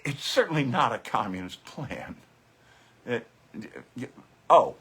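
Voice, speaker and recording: A man's voice: medium pitch, a bit bright, husky. A man hosting a live commentary show, talking casually and sarcastically, with plenty of swearing. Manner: sarcastic, profane, scoffing.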